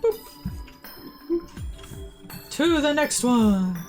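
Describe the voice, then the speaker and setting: A woman streaming, chatting casually in a giggly, crude, animated way. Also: high-pitched, extremely slow, faint music behind. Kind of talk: casual chat.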